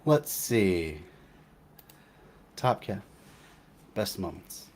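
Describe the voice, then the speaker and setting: A young man with a low voice hosts a casual live stream, talking in a rambling, halting way full of fillers and restarts. He thanks viewers and chats with his co-host. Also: big pitch swings, a little mellow, slight background noise. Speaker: livestream host.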